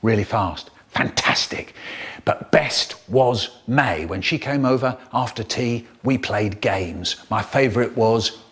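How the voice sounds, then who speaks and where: A man performing a childhood story in an expressive, theatrical way, with acted-out voices. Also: mid-range voice, a little slow, breathy edge.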